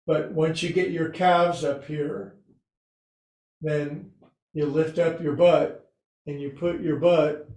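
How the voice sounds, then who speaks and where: A man's voice: a little high, fairly even intonation, takes it slowly, pauses often, darkish tone. A man teaching a restorative yoga class at home, talking in a chatty, joking way with self-mocking asides. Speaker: yoga instructor. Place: home room with couch and recliner. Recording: echoey room.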